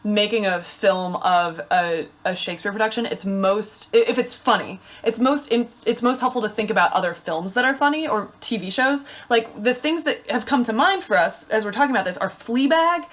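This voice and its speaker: A woman co-hosting a podcast, chatting casually with quick, playfully sarcastic remarks. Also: medium pitch, animated, fairly bright tone. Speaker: podcast co-host. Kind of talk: casual chat.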